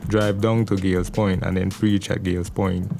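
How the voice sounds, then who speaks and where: A man, a pastor answering interview questions in an earnest, steady way. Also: sits low, normal speed, creaky, soft background music. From Belize. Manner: earnest, steady, repeats small words as he thinks. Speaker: pastor, podcast guest. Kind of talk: measured conversational interview answers.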